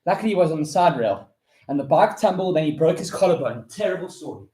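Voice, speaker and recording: A young man from South Africa, loud and fired up, swearing heavily and counting reps aloud while out of breath from push-ups. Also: a little high, expressive, quick pace. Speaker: vlogger. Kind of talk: motivational rant while doing push-ups. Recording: roomy echo.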